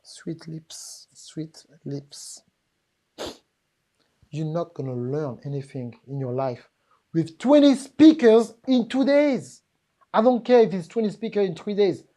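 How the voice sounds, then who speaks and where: Speaking with a French accent, this woman gives a live seminar on business, addressing her listeners head-on in an emphatic, joking manner. Her mid-range voice has a sing-song quality, a dark tone, and a moderate pace.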